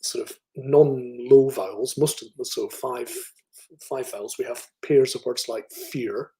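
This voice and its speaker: A man's voice: mid-range voice, fairly even intonation, measured pace, mellow, low-quality recording. Scottish man giving a phonetics lecture. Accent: middle-class Scottish. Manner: thoughtful, with fillers and restarts, demonstrating speech sounds. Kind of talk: academic online lecture.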